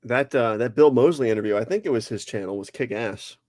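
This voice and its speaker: A man's voice: mid-range voice, fast talker, darkish tone, dry recording. A man co-hosting a casual live stream, laid-back and swearing casually. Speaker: podcast co-host.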